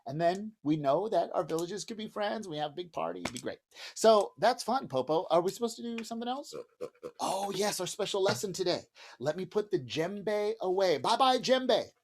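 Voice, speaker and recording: A man's voice: sits high, expressive, normal speed, a little hiss or hum. A man teaching a music lesson to preschoolers, speaking cheerfully and directly to young children, with singing and drumming between explanations. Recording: home video with drum and banjo music.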